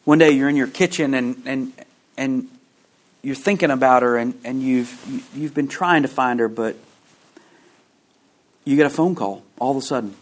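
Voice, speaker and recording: A man preaching in a mid-range voice, telling a story slowly and dramatically. He often repeats words and pauses, then sinks to a quiet hush when the story turns emotional. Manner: drops to a hushed low voice at emotional points. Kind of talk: sermon illustration.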